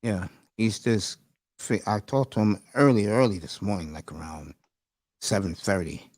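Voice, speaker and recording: A man's voice: fairly low pitch, moderate pace, a little mellow, no echo, clean studio sound. A man hosting a casual live stream, rambling and emotional, calling his listeners bro and folks. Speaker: livestream host. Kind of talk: casual livestream chat.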